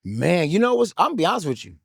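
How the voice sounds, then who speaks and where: A hyped man in his thirties spins his story for an interviewer, tumbling over "like, like" fillers with street slang and casual swearing. His voice sits a little high. The sound is close and dry, with no room echo. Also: racing, creaky, husky. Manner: hyped, excitable, heavy with "like, like" fillers. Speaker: dancer telling his story as interview guest.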